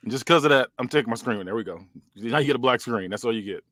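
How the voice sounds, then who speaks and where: A man's voice: mid-range voice, fast talker, bright, forceful tone, no echo. A man co-hosting a podcast, narrating a fantasy wrestling show in casual chat with loose slang and frequent laughter.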